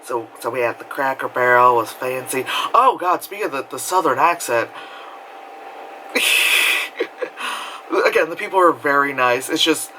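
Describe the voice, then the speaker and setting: Bright-voiced New York man vlogging. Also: medium pitch, measured pace, long pauses, a little hiss or hum, rough recording. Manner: animated, profane, laughs often. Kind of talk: casual storytelling vlog.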